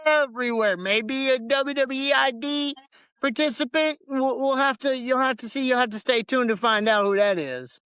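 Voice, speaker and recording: Smooth laid-back male podcast host. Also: very high-pitched, moderate pace, sharp tone, no room sound. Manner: laid-back, loose, repeats words. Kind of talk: casual wrestling podcast chat.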